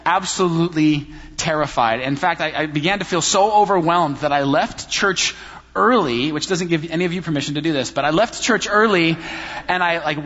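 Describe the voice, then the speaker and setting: A man preaching a sermon in a church, telling personal stories in an animated, self-deprecating way. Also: fairly high pitch. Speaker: pastor. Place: church sanctuary. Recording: reverberant hall, slightly dull sound.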